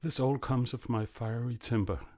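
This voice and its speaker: A man voicing a fiery-tempered male innkeeper in a fairy tale reading, loud and then pleading. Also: medium pitch, steady tone, normal speed, voice pushed up, close to an everyday voice.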